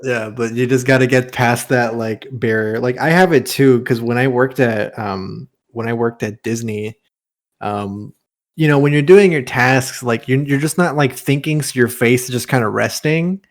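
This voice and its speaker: Young male podcast co-host, rambling casual chat, laughs a lot, mid-pitched. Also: normal speed. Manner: laughs often, heavy filler words.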